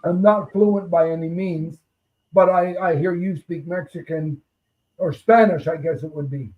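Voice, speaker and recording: Guy hosting a chat over a tinny phone-ish line, kinda high voice, hesitant. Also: steady tone, unhurried. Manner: hesitant, many fillers and restarts. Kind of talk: casual chat over a call.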